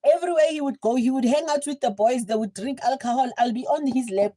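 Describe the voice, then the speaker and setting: A young woman with a South African accent, telling a story in a chatty, animated livestream style. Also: sits high, fast. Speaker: livestream host. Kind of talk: casual storytelling.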